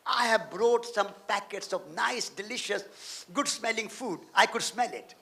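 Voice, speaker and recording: A man lecturing from the stage with a strikingly high voice and a bright, forceful edge. He tells a story with emphatic repetition and builds long lists phrase by phrase. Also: unhurried, vocal fry. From India. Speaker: guest speaker. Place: lecture hall.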